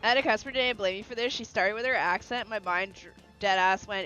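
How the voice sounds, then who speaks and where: A woman's voice: medium pitch, steady tone, fast, few pauses, bright, forceful tone. A young woman streamer chatting casually and animatedly, laughing often and swearing freely. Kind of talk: casual livestream chat. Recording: lo-fi with faint music.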